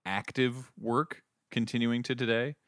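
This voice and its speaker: A man's voice: medium pitch, steady tone, measured pace, a bit bright, no echo, clean studio sound. A man co-hosting a podcast, chatting casually and jokingly as he retells a TV episode scene by scene. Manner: jokey, retells scenes with quoted lines. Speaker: podcast co-host. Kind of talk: casual chat recapping a TV episode.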